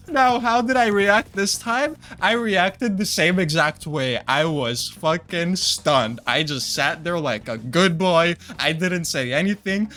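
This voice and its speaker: A young man telling a story from high school in a crude, profane, animated way, full of "dude" and "bro". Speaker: vlogger telling a personal story. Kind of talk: storytime monologue.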